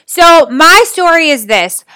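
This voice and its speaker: A woman in her thirties hosting a motivational talk, energetic and chatty, often exclaiming and asking her listeners questions. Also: very high voice, slow pace, no echo, studio quality. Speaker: podcast host and business coach.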